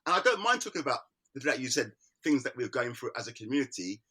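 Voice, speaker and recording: A man's voice: mid-range voice, sing-song, fast, sharp tone, slightly rough. A man, an artist, talking candidly as an interview guest, emphatic, repeating words and restarting his sentences.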